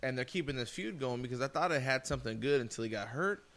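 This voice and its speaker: A man's voice: mid-range voice, lively intonation, fast talker, a bit bright. A man with a mid-range voice co-hosts a podcast in casual chat. He is stubborn and keeps repeating his argument. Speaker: podcast co-host.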